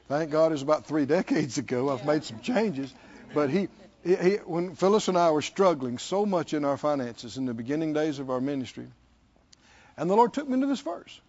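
Male pastor, middle-aged, emphatic sermon delivery, lively pitch, slightly dull recording. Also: moderate pace. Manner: emphatic, calls out to the congregation.

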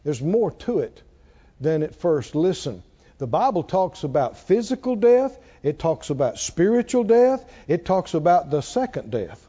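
A man preaching a sermon to a congregation, slow and measured, building up to shouted exclamations. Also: fairly high pitch, big pitch swings, slightly rough. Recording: dull lo-fi recording.

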